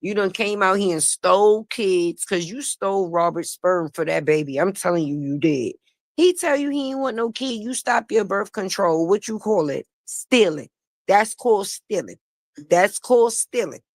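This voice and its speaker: A woman's voice: medium pitch, expressive, moderate pace, no echo. A woman giving casual gossip commentary on a livestream, blunt, sassy and profane, laughing often. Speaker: online commentator.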